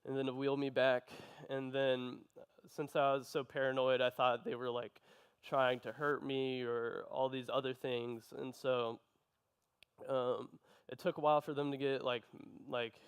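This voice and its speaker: A young man giving an earnest personal testimony, telling his story in a halting way. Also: mid-range voice, flat delivery, clear, resonant tone. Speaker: testimony speaker.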